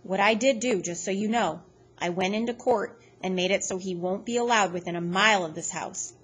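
Woman doing a tired old grandpa, gruff and plain spoken, keeps it calm. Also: medium pitch, a little fast, lightly acted. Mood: weary.

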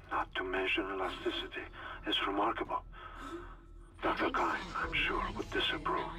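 An actor playing a calculating male scientist, speaking in a measured, clinical way in a game's audio log. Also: on the low side, close to an everyday voice, rough recording. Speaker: game character recording a log.

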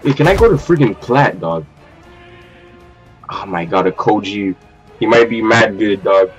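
A man's voice: fairly low pitch, animated, unhurried, lo-fi sound. Hyped young man trash-talking over gameplay. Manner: hyped trash talk, swears, repeats phrases. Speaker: gamer. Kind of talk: live gameplay commentary. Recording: faint game music behind.

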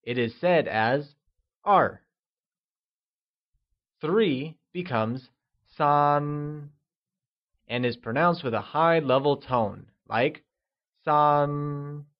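A man narrating a scripted language lesson, modelling words slowly for the listener to repeat. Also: mid-range voice, expressive, muffled recording. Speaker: language teacher.

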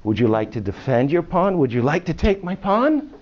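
A man's voice: on the high side, very animated, moderate pace. A man teaching chess to a class of children, playfully quizzing them with questions. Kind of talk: classroom lesson. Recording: muffled classroom video with faint hiss.

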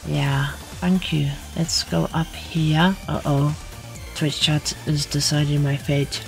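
Relaxed, unhurried streamer; playful, whispery sound effects during gameplay. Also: medium pitch, gravelly, soft background music. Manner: playful, mutters whispered sound effects and repeated filler words. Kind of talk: casual gaming commentary.

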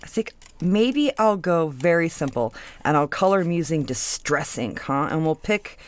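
Woman craft host, low voice with lively swoops, slow and rambling, coos at her materials. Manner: chatty, thinks aloud, trails off mid-sentence. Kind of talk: casual craft tutorial chat.

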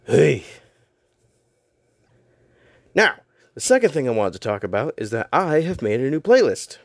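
A man's voice: mid-range voice, big pitch swings, a little fast, vocal fry, dry recording, clean studio sound. A young man casually talking to camera in a vlog, rambling a little and tripping over his own words. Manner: rambling, self-deprecating, stumbles over words. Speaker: YouTuber and voice actor.

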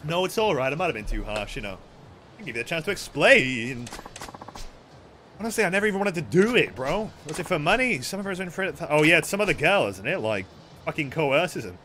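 A man's voice: fairly high pitch, big pitch swings, a little fast, pushed and bright, slight background noise. A young man streaming a video game, swearing a lot, joking and reading the dialogue aloud. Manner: sweary, playful, reads game text aloud. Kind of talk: let's play commentary.

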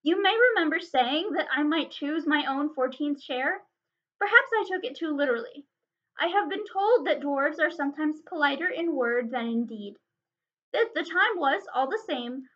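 A woman voicing a small, fretful male hobbit with a squeaky, fussy manner. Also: lively intonation, normal speed, fairly bright tone, lo-fi sound.

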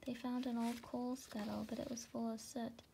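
Soft-spoken woman reading a storybook. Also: on the high side, level tone, normal speed, vocal fry, a little hiss or hum, poor audio. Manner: soft, partly whispered narration. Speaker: storybook reader.

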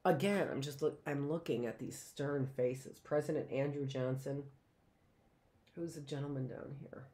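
A woman's voice: very deep voice, normal speed, mellow. A middle-aged woman teaching a live history lesson, reading from notes and breaking off into chatty asides and rhetorical questions.

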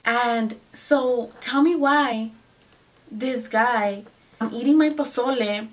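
A woman's voice: fairly high pitch, slow pace, far from the mic. A young woman telling a casual storytime to her viewers, chatty and full of "like" and "you guys", slipping into Spanish phrases. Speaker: vlogger.

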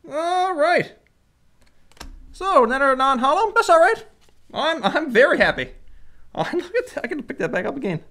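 Woman host, high and bouncy, calls out cards one by one and gets excitable. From Canada. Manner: excitable, reads card names aloud one by one. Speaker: channel host. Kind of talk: casual card-opening commentary.

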